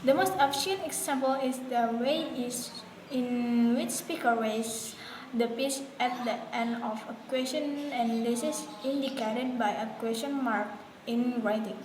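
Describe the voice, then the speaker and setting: Woman, Indonesian first language, classroom presentation; slightly high voice, reads from notes with fillers and restarts; echoey room, faint noise. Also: unhurried.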